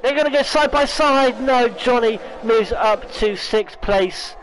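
A man commentating a sim racing league, excitable, correcting himself often, and losing his voice. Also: very high-pitched, a little hiss or hum, low-quality recording. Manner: excitable, talks fast with restarts and self-corrections. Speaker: race commentator.

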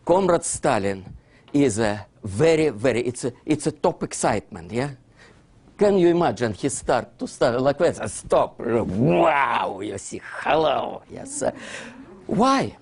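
A man with a Russian accent, not a native English speaker, giving an animated lecture, dropping articles and constantly checking in with "yeah?". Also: medium pitch, measured pace, slightly rough. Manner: keeps asking "yeah?" to check his listeners; non-native grammar, drops articles.

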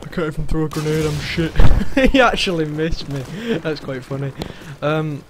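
A young man casually commentating his own gameplay, excitable and sweary, gasping and shouting at what happens on screen. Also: fairly high pitch, normal speed, background noise. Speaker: gaming commentator. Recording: loud gunfire behind the voice.

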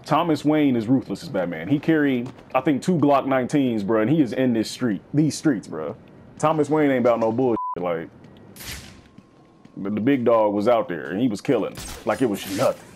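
A man giving casual, slangy let's-play commentary, swinging between high yelps and low growls. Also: a little hiss or hum. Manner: animated, slangy, swings into high-pitched bits and deep growls. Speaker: gaming YouTuber.

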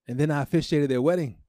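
A man preaching a sermon as pastor, emotional and emphatic, with dramatic pauses. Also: on the high side, dark tone, no echo, clean studio sound.

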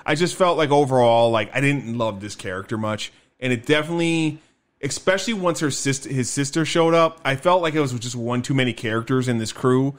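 A man co-hosting a podcast, chatting casually and excitedly about a movie, with frequent swearing and restarts. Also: medium pitch, brisk. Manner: excited, profane, rambling with restarts. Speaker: podcast co-host. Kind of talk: casual movie review chat.

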